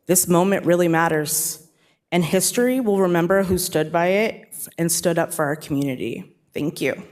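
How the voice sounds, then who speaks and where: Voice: mid-range voice, moderate pace. A speaker with a mid-range voice gives a brief prepared statement at a council meeting. The delivery is earnest and direct, as from an organization director speaking at a podium. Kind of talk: brief prepared public comment.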